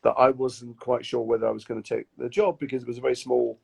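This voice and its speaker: A man telling animated stories in casual chat on a live video stream, acting out the people he quotes. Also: medium pitch, fast talker, vocal fry, slightly rough. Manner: animated storyteller, acts out quoted voices. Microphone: phone or webcam on a live video call.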